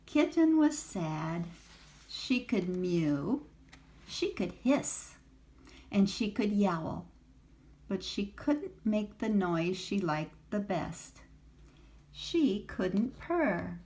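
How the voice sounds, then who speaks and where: An older woman reads a picture book aloud to a child, gentle and inviting. She takes each line very slowly and stops to ask the listener questions. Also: mid-range voice, sing-song. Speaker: storyteller.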